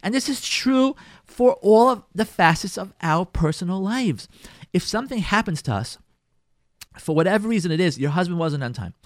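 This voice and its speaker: A man's voice: high-pitched, normal speed, dry recording, studio quality. A middle-aged man, a rabbi teaching a Torah class on marriage, acting out everyday scenarios and repeating phrases for emphasis. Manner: animated, acts out everyday scenarios.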